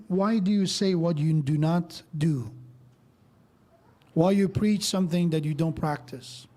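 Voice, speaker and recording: Mellow-voiced man giving a mosque sermon. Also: fairly high pitch, unhurried. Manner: explains verses step by step, tells stories with quoted dialogue. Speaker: speaker at a mosque.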